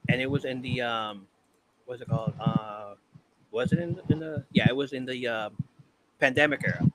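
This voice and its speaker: A man's voice: medium pitch, steady tone, normal speed. Profane, rambling man hosting a podcast. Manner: loose and profane, trails off and restarts. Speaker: podcast host. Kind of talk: casual podcast chat, counting down a ranked list. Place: live-streamed podcast. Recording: clear background noise with clicks.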